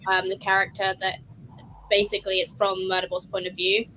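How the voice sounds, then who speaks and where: A woman guest in a casual book club chat, talking in a quick, chatty way. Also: medium pitch, monotone, sharp tone, slight background noise, low-quality recording.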